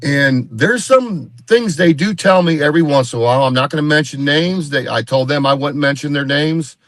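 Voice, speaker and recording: A man's voice: on the high side, normal speed, a bit bright, no echo. A man, a guest on a live video call, telling a story in a rambling casual way and acting out what others said. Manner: rambling, repeats himself, acts out quoted dialogue. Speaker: guest Bigfoot researcher.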